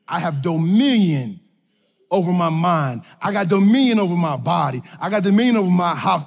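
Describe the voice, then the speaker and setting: A man preaching a sermon, repeating declarations with emphasis and swinging between loud bursts and quiet asides. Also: high voice, lively intonation, fairly quick, creaky, in a large hall. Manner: emphatic, repetitive declarations with call-and-response energy. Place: large room with audience.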